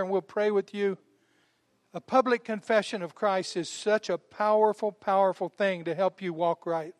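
High-voiced preaching man, dry sound. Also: no echo. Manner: animated preaching with emphatic repetition; folksy, calls listeners honey. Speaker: pastor. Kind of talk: sermon.

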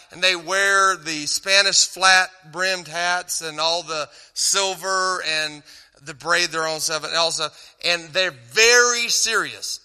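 A man's voice: high voice, sharp tone, in a large hall. A man with a Texan accent talking to a church crowd in a loose, rambling and joking way, stopping himself mid-sentence. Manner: rambling, joking, self-interrupting. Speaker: Christian cowboy singer and speaker. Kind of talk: casual stage talk at a church event.

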